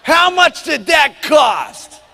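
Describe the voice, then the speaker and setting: A man hamming up a yelling, scornful husband. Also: very high voice, very animated, drawn-out words, gravelly, pitched above the performer's own voice, heavily acted. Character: loud crude middle-aged husband, mechanic. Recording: long hall reverb.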